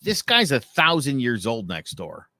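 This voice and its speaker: A man co-hosting a casual podcast, telling animated stories. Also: mid-range voice, measured pace, no room sound. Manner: animated storyteller who acts out dialogue. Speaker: podcast co-host.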